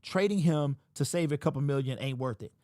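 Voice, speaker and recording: In a dry, studio-quality recording, a young man with a fairly high pitch and dark tone hosts a sports livestream, talking fairly quickly. He rants in disbelief, exasperated and repeating himself, while reading viewer super chats.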